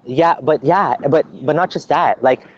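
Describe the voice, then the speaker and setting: A man's voice: fairly high pitch, unhurried, highs cut off. A man being interviewed as a guest, explaining at length in an earnest, conversational way, often restarting his sentences.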